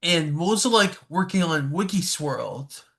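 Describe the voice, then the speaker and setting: A man's voice: fairly high pitch, animated, gravelly, a bit bright. A man hosting a podcast, asking short interview questions. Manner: brief, unhurried questions. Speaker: podcast host.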